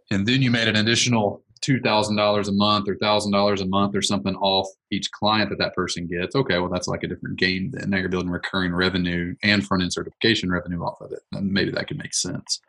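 A man leading a casual business brainstorm, thinking out loud in a rambling way. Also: low-pitched, level tone, fast, low-quality recording. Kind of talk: casual meeting discussion.

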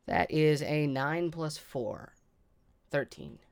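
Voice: mid-range voice, expressive, slow pace, vocal fry, clear, resonant tone. A player in a tabletop game, calling out rolls and actions in a matter-of-fact way. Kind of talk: casual tabletop play.

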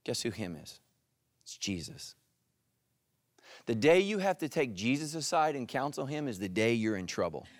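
A middle-aged male pastor preaching a sermon, animated, dropping into soft intense asides. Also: normal speed, long pauses, no echo, studio quality. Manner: animated, voices quoted characters with jumps in pitch.

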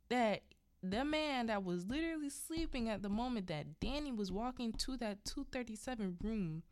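A woman hosting a podcast, retelling a film in chatty, animated storytelling with asides. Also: fairly high pitch, normal speed, no room sound. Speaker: podcast host. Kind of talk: casual film recap.

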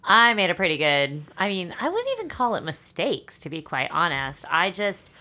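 A woman's voice: lowish voice, sing-song, moderate pace, sharp tone. A woman co-hosting a podcast, chatting casually with playful, teasing remarks. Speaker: podcast co-host. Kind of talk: casual chat.

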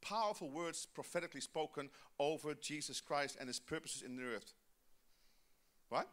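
A man with a high, bright voice preaches a sermon in church. He urges the congregation to answer back and say the verses with him. He moves from loud, drawn-out emphasis to quick, quieter asides. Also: expressive. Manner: exhorting the congregation, calls for responses. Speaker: pastor.

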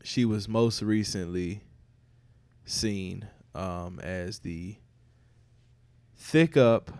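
A man's voice: lowish voice, extremely slow, darkish tone, smooth, dry recording. A man hosting a podcast in loose, profane, joking casual chat. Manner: laid-back, profane, joking. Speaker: podcast host.

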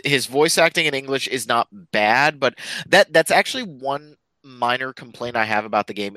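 Bright, dry-voiced male co-host. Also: medium pitch, dry recording, low-quality recording. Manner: animated, jokey, repeats words when starting a thought. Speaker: podcast co-host. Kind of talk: casual game discussion chat.

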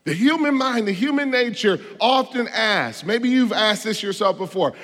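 A man pastor delivering a sermon in church, emphatic and full of rhetorical questions, swinging between loud stresses and quiet asides. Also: high-pitched, animated, moderate pace. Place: church sanctuary. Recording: long hall reverb.

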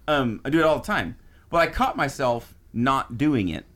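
Man, Texan accent, podcast guest, rambling storyteller, expressive pitch. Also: normal speed. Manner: rambling, self-questioning storyteller. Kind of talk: casual chat.

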